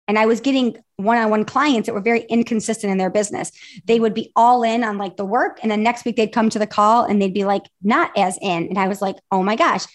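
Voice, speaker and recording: Chatty woman in her forties, podcast guest. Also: mid-range voice. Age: 40s. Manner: open, chatty, retells conversations. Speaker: podcast guest, business mentor. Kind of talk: casual interview chat.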